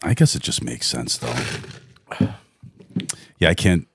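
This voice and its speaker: A man's voice: extremely low pitch, sing-song, a little slow, husky, no echo. A man co-hosting a podcast in casual chat, laid-back, mostly giving short agreeable replies. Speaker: podcast co-host.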